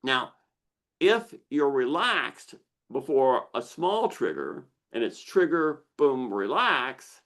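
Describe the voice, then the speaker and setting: A man hosting a live online Q&A, explaining slowly and deliberately with pauses as he shares slides. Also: medium pitch, big pitch swings, fairly bright tone. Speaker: misophonia researcher hosting a Q&A.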